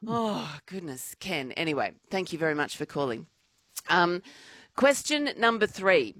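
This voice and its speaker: A woman's voice: on the low side, very animated, a little slow, a bit bright, no room sound, studio quality. An Australian woman hosting a live radio quiz, chatty and playful, laughing often. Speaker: radio host. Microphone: studio microphone.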